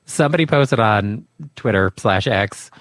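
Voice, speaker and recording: A man co-hosting a casual talk show, relaxed and chatty. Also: fairly low pitch, a little slow, no echo. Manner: laid-back, short agreeing replies. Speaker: co-host. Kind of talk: casual chat.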